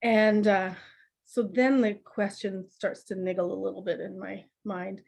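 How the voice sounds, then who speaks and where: A middle-aged woman, a podcast guest telling family stories in a lively, laughing, conversational way. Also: medium pitch, a little slow, vocal fry. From Canada. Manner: laughs often, animated anecdotes with acted quotes. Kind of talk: conversational storytelling.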